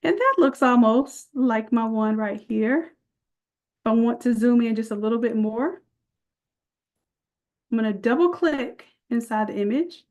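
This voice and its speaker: A woman's voice: a little high, expressive, measured pace, pauses often, a little mellow, muffled recording. A woman leading a live online design class, chatty and folksy, calling her viewers y'all as she walks through the steps. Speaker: design instructor.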